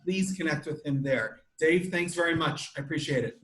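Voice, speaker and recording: A man hosting a podcast who tells stories in an animated way, with frequent restarts. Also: on the high side, moderate pace. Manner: animated storytelling, many restarts. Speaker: podcast host. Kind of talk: casual chat. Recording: echoey room.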